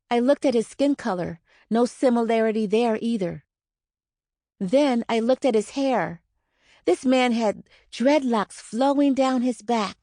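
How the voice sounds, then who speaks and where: Woman author reading her own book aloud, unhurried, close and dry studio sound, earnest and measured. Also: a little high, warm tone, no room sound. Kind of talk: audiobook narration.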